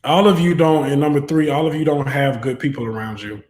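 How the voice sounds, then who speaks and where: A man's voice: fairly high pitch, steady tone, a little fast, darkish tone. Fervent, preachy male tarot reader. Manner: preachy and fervent, rising into exhortation. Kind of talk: online tarot reading. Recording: roomy echo.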